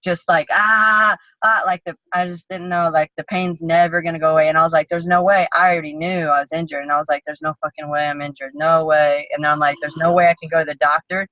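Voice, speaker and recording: A woman's voice: low voice, steady tone, fast, hardly any pauses, sharp tone, no room sound. A woman MMA fighter guest telling a story in a blunt, profane, vivid way in a casual interview. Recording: dull lo-fi sound.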